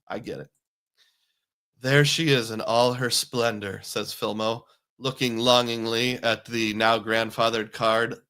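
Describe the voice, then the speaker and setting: A man's voice: mid-range voice, pushed and bright. A man hosting a casual livestream, talking in a chatty, jokey, self-deprecating way and reading out viewer comments. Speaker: host.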